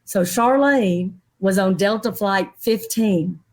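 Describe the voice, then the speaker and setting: Speaking slowly in a medium-pitched voice, a middle-aged woman shares a personal story as an interview guest. She tells it animatedly, imitating the voices of others she quotes.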